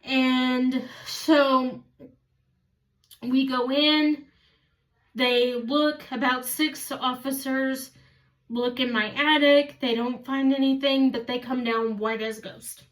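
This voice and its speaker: Woman vlogger, high voice, unhurried, rambling storyteller, a bit far from the mic. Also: steady tone. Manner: rambling, stops to correct herself. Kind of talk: casual storytelling.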